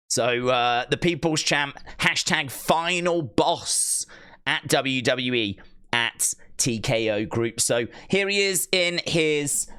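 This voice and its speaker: A man hosting a wrestling news channel, recapping and paraphrasing quotes in an excited, casual way with plenty of fillers. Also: mid-range voice, no echo, studio quality.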